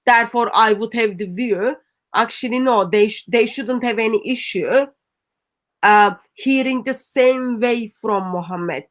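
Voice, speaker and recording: Earnest woman, fairly high voice. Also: a little slow. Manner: earnest, firm, with restarts and non-native grammar. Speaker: co-host. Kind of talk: live discussion stream.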